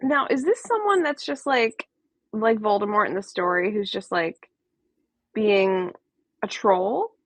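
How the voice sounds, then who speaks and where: A woman's voice: mid-range voice, animated, measured pace, dry recording. A woman co-hosting a podcast in casual chat, reacting with wry disbelief. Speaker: podcast co-host.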